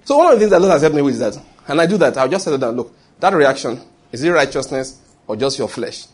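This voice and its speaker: A middle-aged man with a Nigerian accent, preaching a sermon and telling lively stories with acted quotes. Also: mid-range voice, quick pace, slightly rough. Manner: animated storytelling preaching with acted quotes and pidgin asides. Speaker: pastor.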